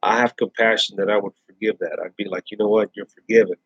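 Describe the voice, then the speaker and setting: Here the host's voice is fairly low, husky and fast, with a flat delivery. He rants bluntly to camera in casual chat, going back over his words and restarting phrases, all captured in dull, dry lo-fi sound without echo.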